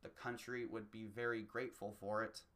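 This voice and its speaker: A comedian delivering a profane, rambling, self-mocking solo rant that swings between low mutters and loud bursts. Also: little pitch movement, moderate pace.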